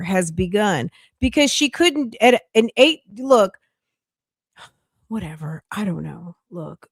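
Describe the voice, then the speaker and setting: A woman's voice: medium pitch, animated, slow pace, husky, no echo. A middle-aged woman hosting a casual livestream, reading news aloud, reacting bluntly and greeting viewers by name with pet names. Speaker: livestream host.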